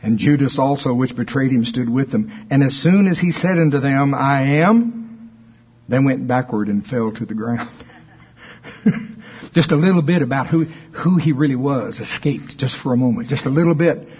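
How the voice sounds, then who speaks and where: A man's voice: mid-range voice, normal speed, breathy edge. A man teaching from the Bible in a sermon, explaining verses conversationally with asides. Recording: dull lo-fi recording.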